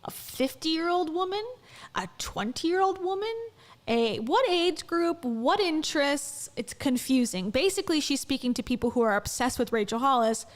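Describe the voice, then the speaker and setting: A young adult woman giving a sarcastic, incredulous commentary vlog, full of "like" and mocking asides. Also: high voice. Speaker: commentary vlogger.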